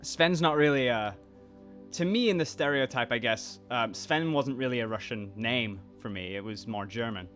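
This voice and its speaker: A man's voice: mid-range voice, normal speed, fairly bright tone, faint music behind. A man in his twenties with a mixed British and American accent, chatting casually and rambling through viewer comments as a YouTuber. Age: 20s. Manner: rambling, restarts sentences, reads comments aloud. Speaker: YouTuber and voice actor. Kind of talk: casual chat reacting to comments.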